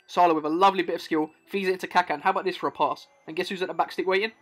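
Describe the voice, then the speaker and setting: A man's voice: high voice, rapid-fire. A young man giving hyped, playful commentary over football game clips, talking straight to the viewer. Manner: excitable, playful, talks to the viewer. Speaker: gaming YouTuber.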